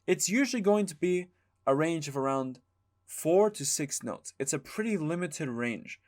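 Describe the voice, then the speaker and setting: A man teaching a music lesson, explaining calmly and singing short chanted examples. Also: fairly high pitch, normal speed. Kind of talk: spoken lesson with sung demonstrations.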